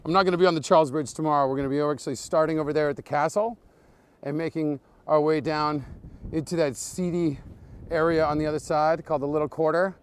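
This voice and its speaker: Male comic tour guide, slightly high voice, deadpan, chatty with live viewers, walking outdoors at night with a phone mic. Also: fast talker, smooth. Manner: deadpan joking with absurd fake facts.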